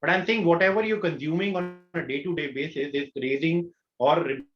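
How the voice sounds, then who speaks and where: A man's voice: fairly high pitch, a little fast. Indian man coaching in a roomy webinar. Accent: Indian English. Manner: earnest, coaching, asks rhetorical questions. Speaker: law of attraction coach. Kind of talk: online workshop talk. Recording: roomy, dull lo-fi webinar audio.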